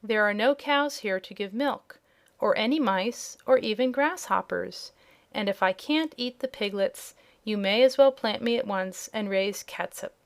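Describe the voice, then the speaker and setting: A hungry little talking kitten pleads in slow, stretched-out words. She whines and wheedles like a spoiled pet, as a woman reading the book puts her on. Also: mid-range voice, natural voice. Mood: pleading. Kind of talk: audiobook character voice.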